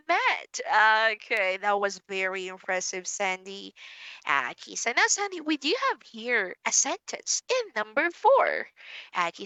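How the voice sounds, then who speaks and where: Slow, lively woman teaching a child. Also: a little high, no room sound. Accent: Filipino English. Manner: slow, encouraging, speaks of herself as teacher. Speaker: online English teacher. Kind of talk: online ESL lesson for a child.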